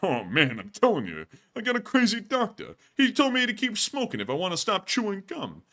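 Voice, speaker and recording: A man's voice: high-pitched, huge pitch swings, a little fast, fairly bright tone, voice pushed up, full character voice. A man doing an impression of a put-upon, self-pitying stand-up comedian who whines through catchphrases and stammers. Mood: grumbling. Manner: whiny catchphrase repeats, stammering.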